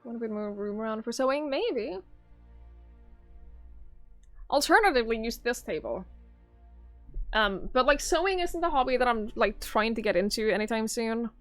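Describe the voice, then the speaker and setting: A woman's voice: a little high, lively intonation, a bit bright, no echo. Chatty Norwegian woman livestreaming. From southern Norway. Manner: chatty, rambling, quick to laugh. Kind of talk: casual chat with viewers. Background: faint background music.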